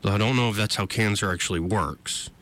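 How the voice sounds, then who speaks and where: A man's voice: on the low side, brisk, fairly bright tone. A man hosting a political talk radio show, sarcastic and conversational.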